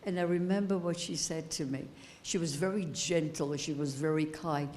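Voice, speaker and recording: Old lady in her 80s giving a keynote testimony, halting and emotional, repeats herself. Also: sits low, a little mellow, slight background noise. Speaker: keynote speaker. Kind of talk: personal testimony speech. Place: high school event hall.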